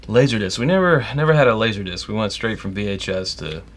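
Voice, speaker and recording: A man's voice: lowish voice, expressive, fast. A man co-hosting a casual whiskey tasting livestream, joking and drifting into rambling tangents. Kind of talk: casual chat.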